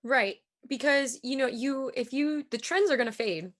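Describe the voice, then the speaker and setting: A woman co-hosting a casual chat, her voice a little higher than most. She speaks thoughtfully, with restarts and pauses while she finds the words. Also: a bit bright. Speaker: co-host. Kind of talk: casual chat on a video call.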